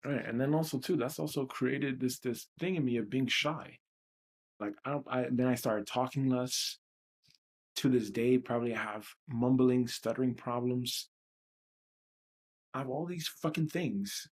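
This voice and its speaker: A man with a husky, somewhat breathy voice hosts a livestreamed self-help session. He talks bluntly and swears freely, venting with raw emotion straight into a close mic. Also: medium pitch, unhurried. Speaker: host of a tapping session.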